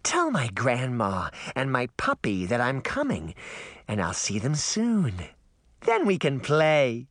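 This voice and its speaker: A man's voice: high voice, wildly swooping pitch, a little slow, a bit bright, no room sound, studio quality, voice pushed up, full character voice. A man voicing a demented little girl who shrieks and talks in a sing-song way, in an audiobook. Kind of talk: audiobook character voice.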